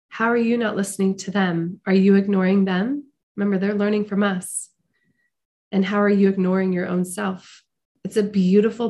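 A middle-aged woman hosting a podcast, speaking slowly and earnestly in a heartfelt, reflective motivational monologue. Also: mid-range voice, warm tone. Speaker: podcast host.

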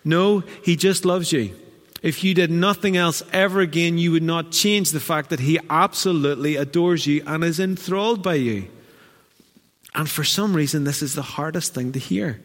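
A man preaching a sermon as pastor, animated and acting out the voices he quotes. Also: a little high, moderate pace. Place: church hall. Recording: church hall with long reverb.

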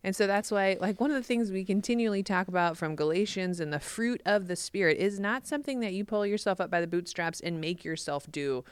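A woman's voice: medium pitch, fairly quick, few pauses, smooth, no echo, studio quality. A woman co-hosting a casual Bible discussion, laughing often as she talks. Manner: warm-hearted, laughs often. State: pregnant. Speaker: podcast co-host.

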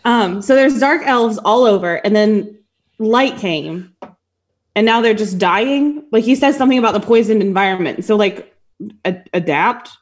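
A woman's voice: medium pitch, moderate pace, breathy edge. A woman co-hosting a casual movie podcast, playful and jokey. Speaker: podcast co-host. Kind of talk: casual chat.

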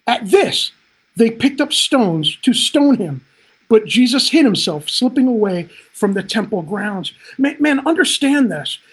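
Husky preacher on a livestream, gets loud and fired up, keeps saying "man". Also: mid-range voice, very animated, measured pace. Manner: impassioned, swelling to emphatic peaks; frequent "man" interjections, direct address. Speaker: pastor. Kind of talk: livestreamed sermon.

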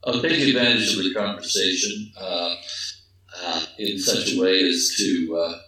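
A man playing a tabletop game, speaking hesitantly and deliberately about his character's actions. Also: sits low, steady tone, sharp tone. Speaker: player. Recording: echoey, distant mic.

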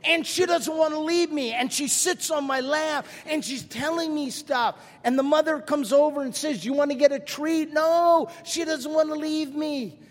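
An older man preaching in a high, bright register, with lively storytelling and a touch of self-mockery. He speaks directly to the congregation. His voice rings out into a large church hall with a long reverb tail. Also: normal speed, hardly any pauses. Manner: animated storytelling with self-deprecating humor. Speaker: pastor. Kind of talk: sermon.

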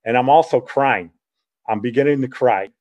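Middle-aged guy rambling through an old story, animated, keeps correcting himself, normal mid voice. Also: mid-range voice, normal speed, muffled recording. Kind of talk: casual spoken reminiscence.

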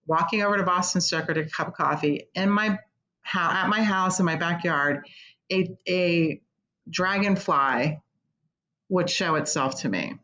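A woman's voice: lowish voice, moderate pace, sharp tone, low-quality recording. A middle-aged woman with a Midwestern American accent, talking candidly and earnestly as an interview guest about her work. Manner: candid, earnest, tearful at times. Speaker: executive director of a concert pavilion, guest. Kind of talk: emotional interview conversation.

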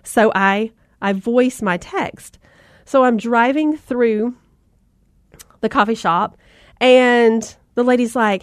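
A woman's voice: a little high, takes it slowly, dry recording. Upbeat folksy woman, dry close sound. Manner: upbeat, folksy, addresses listeners as "mama" and "y'all". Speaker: motivational speaker for mothers. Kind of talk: motivational talk with anecdotes.

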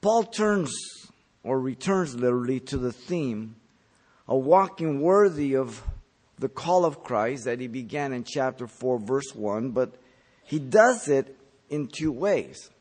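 A man preaching a verse-by-verse sermon, explaining the text in an emphatic teaching manner, with his pitch lifting sharply on key words and then falling. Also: animated, slow, a little mellow. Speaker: pastor. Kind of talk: expository sermon.

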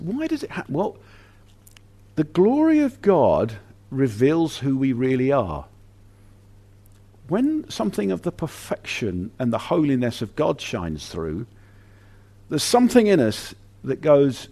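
A man preaching a sermon in an animated, conversational way, often restarting his sentences. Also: mid-range voice, normal speed.

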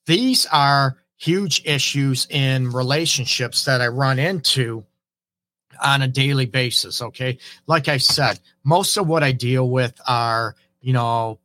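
A middle-aged man, a relationship counselor, hosting an advice talk while hoarse from a cold, earnestly checking in with his listeners. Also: mid-range voice, slow, pushed and bright. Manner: earnest, keeps asking "right?" and "okay?". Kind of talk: live-streamed advice talk.

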